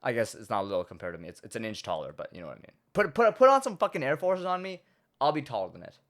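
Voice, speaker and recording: A man's voice: mid-range voice, huge pitch swings, fast, fairly bright tone. A young man, a YouTuber, delivering a crude, rambling comedic monologue full of stumbling repetitions.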